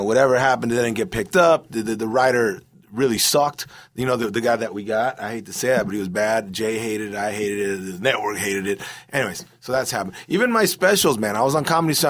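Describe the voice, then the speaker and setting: A middle-aged man, a comedian, telling stories in a loose, rambling way, full of "bro" and "you know". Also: medium pitch. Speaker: comedian guest. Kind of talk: casual storytelling interview.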